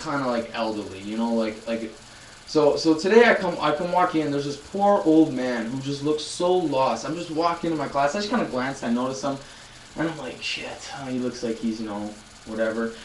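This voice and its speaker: A man's voice: fairly high pitch, echoey room, distant mic, slight background noise, rough recording. A man in his twenties chatting casually on a live stream, telling a rambling story with many restarts and addressing viewers. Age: 20s. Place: loud room.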